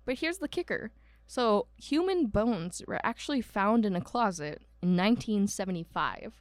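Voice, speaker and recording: A young woman tells a haunted-house story in a chatty, rambling way, full of "um"s and side comments. Her voice sits at a middle pitch and is recorded close and dry, with no room sound. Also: expressive, moderate pace, no echo. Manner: chatty storyteller, many "um"s and asides, mock voices for quoted people. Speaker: podcast co-host. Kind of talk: casual chat about a haunted house.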